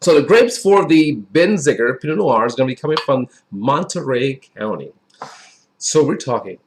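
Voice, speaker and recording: A man's voice: fairly high pitch, animated, normal speed. A man giving a casual, chatty wine review in a folksy way that often repeats itself. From Wisconsin.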